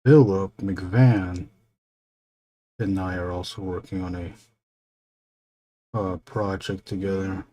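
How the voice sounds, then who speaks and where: A man's voice: sits low, fairly even intonation, slow, pauses often, warm tone, slight background noise. A man casually chatting and joking in playful, rambling tangents while he draws on his stream. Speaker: artist hosting a drawing stream. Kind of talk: casual chat while drawing.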